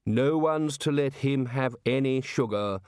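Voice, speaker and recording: A man's voice: medium pitch, unhurried, darkish tone, clear, resonant tone, dry recording, studio quality, lightly acted. A man voicing a bluff, commanding older male wizard leader.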